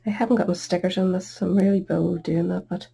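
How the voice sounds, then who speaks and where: Middle-aged woman, low gravelly voice, chatty self-deprecating crafting host at her table. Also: steady tone, fast, dark tone. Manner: chatty, self-deprecating, talks while working. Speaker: card-making tutorial host. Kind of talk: casual crafting tutorial.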